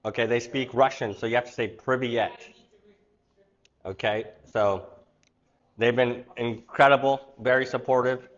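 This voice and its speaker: A man's voice: mid-range voice, steady tone, normal speed, lo-fi sound. A man hosting a live online cooking class, chatting casually and rambling into stories. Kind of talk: casual livestream class chat.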